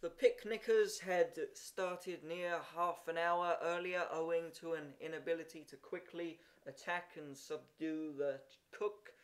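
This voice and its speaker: A man reading a story aloud, with occasional slips and restarts. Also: a little high. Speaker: reader. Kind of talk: amateur audiobook reading.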